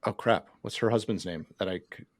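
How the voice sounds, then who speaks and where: A man's voice: on the low side, a little fast, no room sound, clean studio sound. A man co-hosting a podcast, chatting casually over a laggy video call and rambling a little as he goes. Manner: rambling, talks over others. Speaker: podcast co-host. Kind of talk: casual chat.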